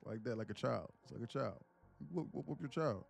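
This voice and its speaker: A man's voice: medium pitch, animated, fairly quick, gravelly, slightly rough, soft background music. A man, a live-stream day trader, chatting casually and profanely, joking and reading viewers' comments aloud. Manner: joking, profane, slangy, reads chat aloud.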